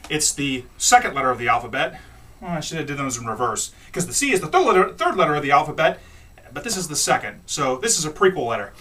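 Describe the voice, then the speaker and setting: A man's voice: a little high, sing-song, fast, sharp tone, recorded from a distance. A man doing a rambling, jokey comic monologue, retelling bits with goofy voices. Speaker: comic host reading letters.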